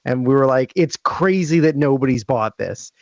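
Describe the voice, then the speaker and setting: A man co-hosting a podcast, explaining things in a matter-of-fact, slightly halting way. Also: mid-range voice, expressive, no echo, muffled recording. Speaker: podcast co-host. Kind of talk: casual explaining chat.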